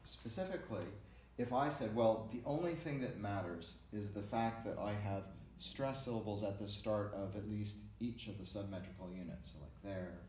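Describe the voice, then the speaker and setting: Guy teaching music theory, counts the beats out loud, lowish voice, faint hum in the room. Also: moderate pace, echoey room. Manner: explains step by step, counts beats aloud. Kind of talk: lecture with sung and spoken examples.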